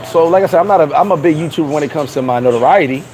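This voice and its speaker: A man's voice: a little high, very fast, darkish tone, low-quality recording. Rambling man live-streaming outdoors with street noise. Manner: loose, rambling, swears, laughs at himself. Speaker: vlogger reading live chat. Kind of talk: casual live-stream chat.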